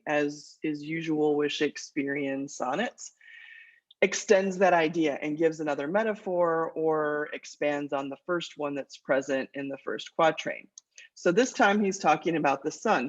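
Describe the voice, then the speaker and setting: A woman, a college English teacher lecturing her class and reading verse aloud in a measured rhythm. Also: deep voice. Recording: dull lo-fi lecture recording.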